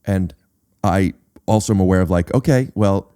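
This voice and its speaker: Low-voiced man telling a halting story. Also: dark tone, smooth. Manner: halting, repeats words and says uh often while telling a story. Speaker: podcast host. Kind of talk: casual chat, storytelling.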